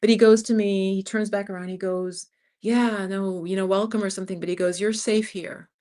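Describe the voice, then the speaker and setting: A woman's voice: mid-range voice, steady tone, brisk, mellow. A woman, hosting her own channel and telling a long, rambling story in a casual livestream chat. She is tired from a sleepless night, laughs often and acts out the lines of the people she quotes. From United States. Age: 50s. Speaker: channel host.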